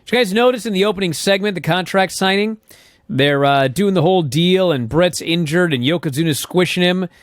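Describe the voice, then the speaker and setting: A man's voice: high voice, fairly quick, no echo, studio quality. A man co-hosting a podcast, chatting casually in a blunt, profane, exasperated way. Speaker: podcast co-host. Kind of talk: casual chat.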